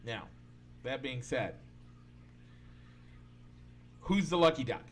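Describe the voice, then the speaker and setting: A man's voice: medium pitch, lively intonation, slow pace. A man co-hosting a casual podcast, arguing his opinions at length in a loose, rambling way with many restarts. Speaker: podcast co-host. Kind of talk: casual sports and pop-culture chat.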